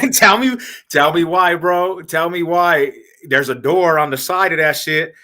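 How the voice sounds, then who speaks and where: A man hosting a podcast, telling stories in animated, slangy casual chat and laughing as he goes. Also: a little high, unhurried. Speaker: podcast host.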